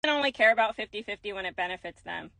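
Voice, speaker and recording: A woman's voice: mid-range voice, animated, very fast, vocal fry, pushed and bright, no room sound. A woman delivering an emphatic, sarcastic rant to camera. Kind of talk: ranting monologue to camera.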